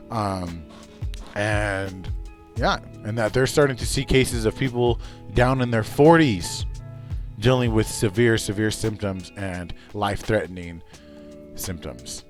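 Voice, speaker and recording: A man's voice: fairly low pitch, lively intonation, a little slow, faint music behind. A man hosting a livestream, chatting casually in a rambling, profane way with many restarts. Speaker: livestream host.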